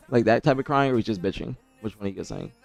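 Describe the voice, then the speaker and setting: Fast-talking man streamer chatting with viewers. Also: mid-range voice, very animated, creaky, darkish tone, lo-fi sound. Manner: rambling, repeats himself, talks straight to chat. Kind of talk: casual livestream chat reading viewer messages. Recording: dry close mic with faint music behind.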